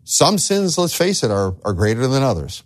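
A man's voice: mid-range voice, very animated, moderate pace. A man preaching a sermon as a pastor, earnest, asking the listeners rhetorical questions and repeating words as he starts phrases.

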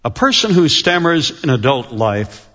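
A man preaching a sermon and telling stories, with a lively, animated delivery that slows down to stress key words. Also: medium pitch. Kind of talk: sermon storytelling. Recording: dull lo-fi recording.

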